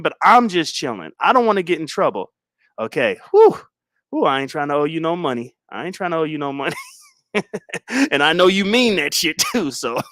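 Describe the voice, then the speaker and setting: A man's voice: high voice, fairly bright tone, no room sound, clean studio sound. A man hosting a casual livestream, talking in a laid-back, slangy, rambling way with chuckles. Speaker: livestream host.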